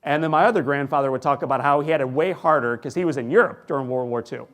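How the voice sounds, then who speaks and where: In a big hall before a live crowd, a keynote speaker from the United States, a man in his forties, gives an inspirational talk built around his story. With a mid-range voice, he pauses for drama, dropping to near-whispers and then building to loud peaks.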